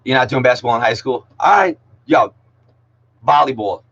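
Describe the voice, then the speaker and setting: A man with a mid-range, fairly bright voice and lively intonation speaks at normal speed, though the recording sounds muffled. He teaches middle school English in an online class, joking casually, using slang, saying "yo" frequently and calling students by name.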